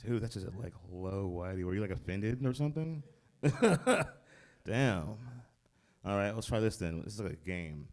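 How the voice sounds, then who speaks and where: A man's voice: on the low side, expressive, normal speed, darkish tone. A man doing stand-up comedy on a club stage, laid-back and provoking the crowd. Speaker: stand-up comic.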